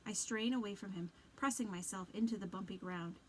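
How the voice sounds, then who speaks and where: A woman teacher giving an expressive read-aloud of a children's novel, with dramatic narration. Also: medium pitch, brisk, a little hiss or hum, rough recording.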